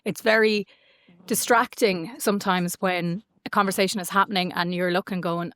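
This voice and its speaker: A woman's voice: on the low side, moderate pace, clean tone, no room sound, studio quality. A woman in her forties with an Irish accent, a podcast guest chatting casually and telling stories, acting out what people said. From Ireland. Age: 40s. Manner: chatty, animated storytelling with acted-out quotes. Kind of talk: casual chat.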